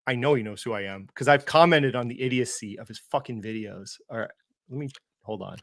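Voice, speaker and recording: Man, fired up, sarcastic, swearing, mid-pitched voice, dry close sound. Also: fairly quick, a bit bright, no room sound. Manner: angry, sarcastic, swearing, mocking impressions. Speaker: co-host of investing livestream. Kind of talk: heated casual chat.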